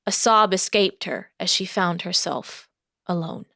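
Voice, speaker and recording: A woman narrating a historical novel audiobook in a steady storytelling voice. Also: fairly low pitch, measured pace, gravelly, dry recording, clean studio sound.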